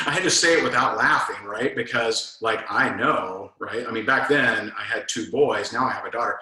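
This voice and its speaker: A man runs a casual sales coaching talk in a bright, forceful voice. He tells stories animatedly and plays both himself and his prospects. The sound carries a roomy echo. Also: lowish voice, moderate pace. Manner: animated storyteller, acts out both sides of conversations. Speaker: network marketing trainer.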